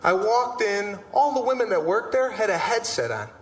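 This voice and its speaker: A middle-aged male comedian telling stories on stage in an animated, exasperated way, acting out the voices of the people in his stories. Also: sits high, normal speed. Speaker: stand-up comedian. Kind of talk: stand-up comedy routine. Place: large theater stage. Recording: echoey hall, live audience ambience.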